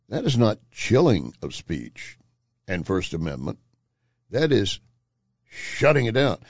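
A man's voice: fairly low pitch, big pitch swings, takes it slowly, long pauses, darkish tone, slightly rough, no echo, lo-fi sound. A male talk radio host giving emphatic commentary, often repeating phrases for effect.

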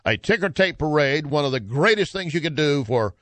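A man's voice: a little high, lively intonation, a little fast, a bit bright, dry recording. A man hosting an opinion commentary show, speaking emphatically and reading passages from an article aloud. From United States.

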